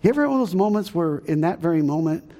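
A middle-aged Southern pastor tells a story from the pulpit, his voice a shade higher than most men's. He acts out shouts and noises and chuckles at his own jokes. The sound carries the long echo of a church hall. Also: expressive, very fast. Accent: Southern American. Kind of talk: storytelling sermon. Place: church sanctuary.

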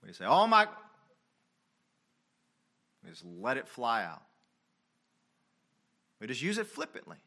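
Bright-voiced preacher man. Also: medium pitch, wildly swooping pitch, moderate pace, creaky, pauses often. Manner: swings from loud emphatic preaching to quiet confessional tone; reads King James scripture aloud. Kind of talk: sermon.

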